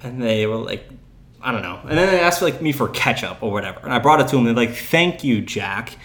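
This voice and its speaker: A young man in his twenties tells a story to his roommates on a casual podcast. He talks loosely and with energy, jumping up in pitch when he acts out what people said. His voice sits at a middling pitch. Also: fast talker. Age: 20s. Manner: animated, laughing, acts out quoted voices. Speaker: podcast host.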